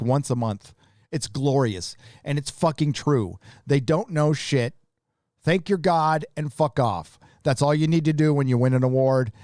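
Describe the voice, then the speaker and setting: A man with a slightly high voice hosts a live stream in a casual, blunt way. He rants with plenty of swearing and reads out viewer donations. The sound is close and dry. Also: a little mellow, no echo. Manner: blunt, profane ranting.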